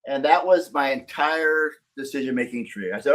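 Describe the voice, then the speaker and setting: A man's voice: medium pitch, animated, normal speed, few pauses, fairly bright tone. A middle-aged man from Northern California, a podcast guest telling his life story in a candid, profane, casual way.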